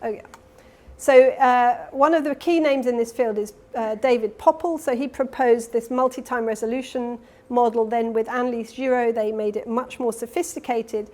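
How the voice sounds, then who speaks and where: Female academic, keynote lecture, slightly high voice, explanatory with self-corrections. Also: steady tone, normal speed, mellow. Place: conference hall.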